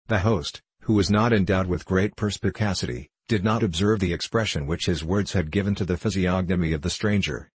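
A man narrating a classic novel in a measured, formal storytelling manner. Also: low voice, husky, dry recording. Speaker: audiobook narrator.

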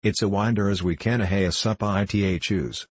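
A man doing a gruff sulky miner with a broad burr. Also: fairly low pitch, steady tone, a little fast, dry recording. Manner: gruff, blustering, broad dialect speech. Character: sulky, defensive male coal miner, middle-aged.

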